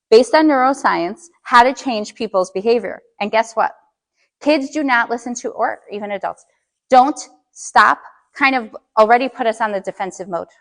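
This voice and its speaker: A woman's voice: on the high side, fairly bright tone. A middle-aged woman coaching parents in a live workshop, checking in with the audience with frequent questions.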